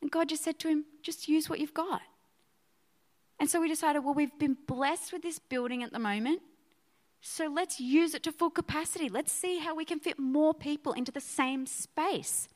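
A woman pastor preaching a sermon to her church, energetic and conversational, often checking in with her listeners. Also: sits high, moderate pace. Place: church auditorium.

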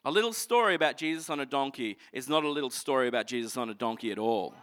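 A man preaching a sermon, earnestly explaining scripture and moving between energetic passages and hushed ones. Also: mid-range voice, fast talker.

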